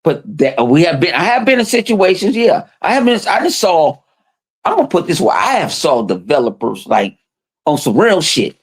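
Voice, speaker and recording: Animated, swearing podcast man. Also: a little high, normal speed, breathy edge. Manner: animated, profane storytelling with quoted voices. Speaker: podcast host. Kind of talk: casual chat.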